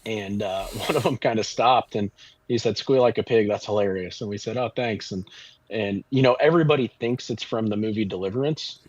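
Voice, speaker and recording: Husky-voiced pitmaster telling long stories. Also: male voice, on the low side, fairly quick, no echo. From Kansas City area. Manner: rambling, animated storyteller with many restarts. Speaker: barbecue pitmaster guest. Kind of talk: casual storytelling interview. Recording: dull lo-fi audio.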